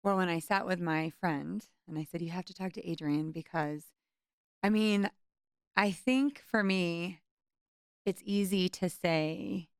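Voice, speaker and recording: A woman hosting an interview show, talking passionately and quickly in bursts. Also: lowish voice, no echo, studio quality. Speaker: host. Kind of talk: heartfelt interview talk.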